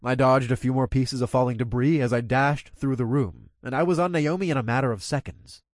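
A man's voice: mid-range voice, brisk, no room sound, studio quality. A man reading a first-person action story aloud in a casual, profane manner. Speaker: narrator.

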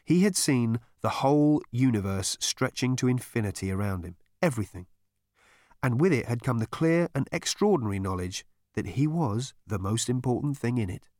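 A man giving an expressive storybook narration with a wry, animated, theatrical delivery. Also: medium pitch, no room sound, studio quality. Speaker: audiobook narrator.

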